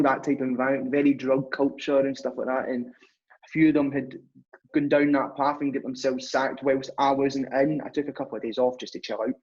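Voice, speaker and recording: A young man speaks as a podcast guest, telling his story in a loose, chatty way with plenty of restarts. His voice sits at an ordinary middle pitch. The recording sounds dull and a little muffled. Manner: chatty, rambling, acts out dialogue. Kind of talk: casual storytelling.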